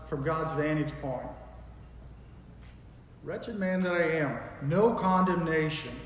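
A pastor preaching a sermon with emphatic, folksy delivery, jumping from quiet asides to loud declarations. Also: male voice, sits high. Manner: emphatic preaching with wide swings in loudness; folksy storytelling. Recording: echoey hall with long reverb.

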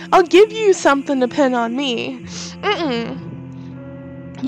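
A woman's voice: high-pitched, takes it slowly, pauses often, faint music behind. A woman hosting a let's play of a horror game, reading its text aloud and reacting with emphatic comments. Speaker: gaming channel host.

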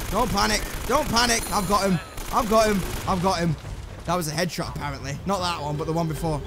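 An English man narrates his own gameplay in an excitable, profane running commentary. His voice sits high and leaps around a lot as he swears and jokes to himself. Loud game music plays behind him throughout. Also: normal speed. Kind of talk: let's play commentary.

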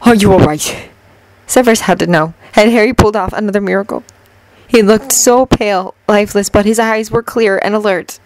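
A woman reading a fanfiction story aloud in steady, earnest storytelling. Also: mid-range voice, a little fast, no echo, rough recording. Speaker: fanfiction reader.

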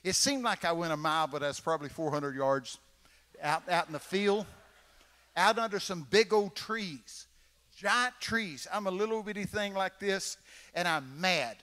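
Speaking at a measured pace in a high, pushed, bright voice, an eighties-aged preacher from Texas tells stories in a folksy, dramatic sermon and acts out voices. Long reverb from the big church conference hall fills the recording.

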